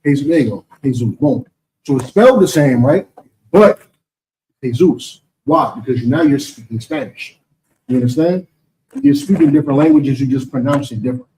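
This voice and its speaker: A man's voice: a little high, very animated, moderate pace, warm tone, distant mic, slight background noise, poor audio. A man with an American accent teaching and answering questions in a preaching session, emphatic and rhetorical, often asking "you understand?".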